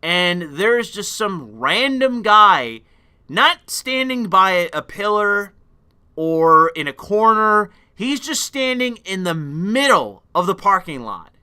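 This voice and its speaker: A young man casually telling a rambling, profane story on a stream, loud by his own account. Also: sits high, very animated, slow, clean tone.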